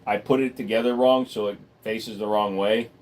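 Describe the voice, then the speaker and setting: A man hosting a casual livestream from a room at home, answering viewers' questions with blunt, deadpan, crude humor. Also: on the low side, normal speed. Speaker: livestream host. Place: room at home full of computer gear.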